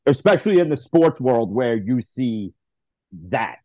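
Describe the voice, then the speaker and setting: A man's voice: medium pitch, expressive, unhurried, darkish tone, no echo. A man co-hosting a sports podcast, ranting in an exasperated way in casual chat and stumbling over repeated words. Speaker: podcast co-host. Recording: dry, dull lo-fi sound.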